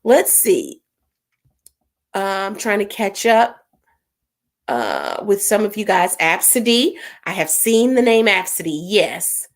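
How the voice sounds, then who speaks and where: Woman livestream host: chatty, amused, reading comments with a lively, bouncing voice. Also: mid-range voice, slow. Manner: animated, laughing, puzzling over names aloud. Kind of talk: casual livestream chat.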